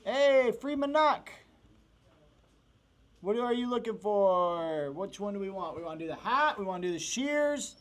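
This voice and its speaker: A man's voice: sits high, expressive, unhurried. Hyped American guy showing gear. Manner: hyped, jokey, calls people bro and dude, reads product specs. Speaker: co-host showing products. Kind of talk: casual live-stream chat.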